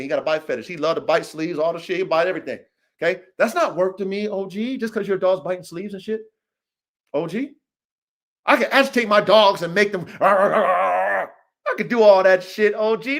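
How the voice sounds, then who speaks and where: A man's voice: high-pitched, a bit bright. A man hosting a dog podcast livestream, delivering a heated, profane rant with repeated callouts. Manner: fiery, repetitive, swears a lot, keeps saying "O G". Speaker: dog breeder and podcast host. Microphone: livestream mic.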